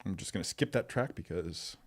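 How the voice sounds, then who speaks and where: A man's voice: low-pitched, animated, a little fast. A middle-aged man hosting a live stream, chatting casually, rambling and answering viewers' comments.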